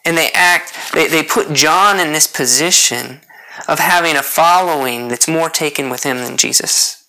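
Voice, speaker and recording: A preacher giving an earnest sermon in a bright, forceful voice. The delivery circles back to key points for emphasis and keeps pressing the congregation with questions. The pitch sits in a plain middle register. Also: normal speed, poor audio.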